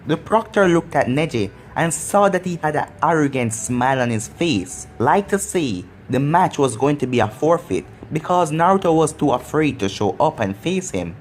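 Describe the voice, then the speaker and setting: A narrator reading a fan story aloud in a plain, even storybook manner. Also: mid-range voice, normal speed, few pauses, faint music behind.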